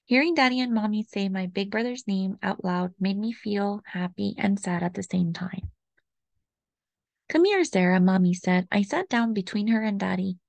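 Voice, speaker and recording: Gentle, expressive woman reading a children's storybook aloud; slight vocal fry, dry close recording. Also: mid-range voice, normal speed, hardly any pauses, no room sound, highs cut off. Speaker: storybook reader.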